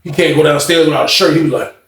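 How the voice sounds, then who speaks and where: A man telling a story in a casual, slangy way, animated and often laughing. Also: a little high, racing. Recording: roomy echo.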